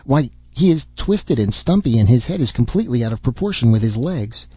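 A man voicing a scornful, disgusted cactus in a storybook reading, with a husky voice. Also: mid-range voice, very animated, fairly quick, no room sound, dull audio. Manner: scornful, raised voice.

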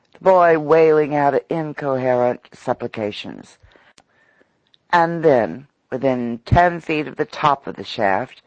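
A man narrating an audiobook story in an expressive, dramatic manner. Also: mid-range voice, no echo, lo-fi sound.

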